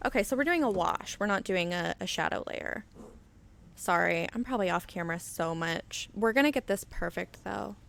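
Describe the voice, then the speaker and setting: Speaking in an animated, gravelly, slightly bright medium-pitched voice at normal speed, a woman hosts a live stream painting miniatures. She rambles casually and reads out viewer comments while demonstrating, in a flood-lit indoor studio captured by a webcam on auto settings.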